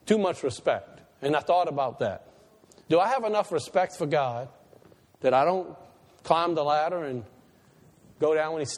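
At normal speed, a pastor with a high, animated voice gives a sermon that surges to loud, emphatic highs and falls back to soft, confiding remarks. A long reverb hangs after him, as in a church hall.

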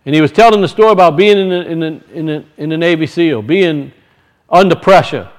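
A male preacher reading scripture and explaining it, often restarting his sentences. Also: fairly high pitch. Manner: reads scripture slowly, then explains it with frequent restarts.

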